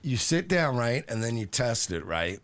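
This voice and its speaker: A man co-hosting a podcast, chatting casually in a deadpan, rambling way. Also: mid-range voice, moderate pace, no echo. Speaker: podcast co-host. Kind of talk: casual chat.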